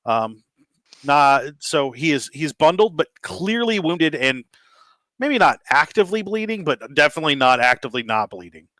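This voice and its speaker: A man's voice: on the high side, moderate pace, no room sound. Easygoing man running a tabletop game. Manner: relaxed, full of ums and uhs. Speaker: game master.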